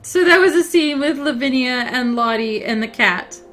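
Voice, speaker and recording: A woman giving relaxed, wry let's-play commentary from her desk, her voice pitched a bit high. Soft game music plays faintly behind her. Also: moderate pace. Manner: chatty, wry, self-deprecating. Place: home desk. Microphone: desk microphone.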